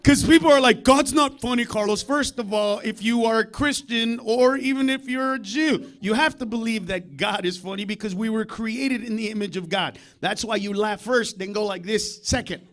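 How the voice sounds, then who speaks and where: Speaking at normal speed with hardly any pauses, a man performs stand-up live in a comedy club. The set is profane and confrontational; he jabs at the audience and ranges from low muttering to shouting.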